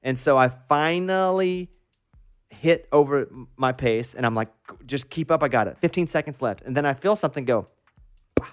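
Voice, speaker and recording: A man hosting a morning radio show, telling a long personal story in an animated, self-mocking way. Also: medium pitch, moderate pace. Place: radio studio.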